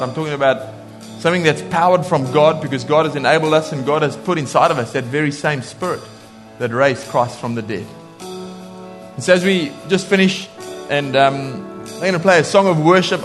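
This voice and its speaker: A man preaching a sermon in a lively way, laughing often and acting out voices when he quotes people. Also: a little high.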